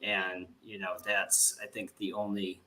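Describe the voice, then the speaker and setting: Give me a man hosting a podcast who rambles with fillers, in a bright, forceful voice. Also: sits low, little pitch movement, measured pace. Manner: rambling, many filler words and restarts. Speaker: podcast host. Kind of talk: casual political discussion.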